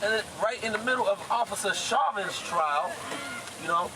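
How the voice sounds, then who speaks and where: A high-pitched man in his twenties speaks at a normal speed, delivering a fervent, urgent protest speech outdoors and forcefully repeating his points. Loud crowd and street noise fill the recording of this rally speaker.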